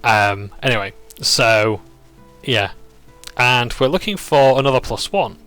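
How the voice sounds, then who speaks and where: A man's voice: mid-range voice, expressive, unhurried, pushed and bright, soft background music. A man casually recapping a tabletop campaign session, rambling and chuckling as he goes. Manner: rambling, chuckling, self-interrupting.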